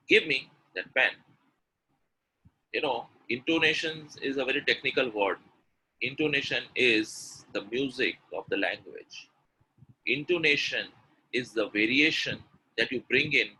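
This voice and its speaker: A man's voice: mid-range voice, bright, forceful tone, slightly rough, low-quality recording. A man coaching English pronunciation in a live online webinar. He demonstrates by repeating words in different ways and answers viewers from the chat. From India.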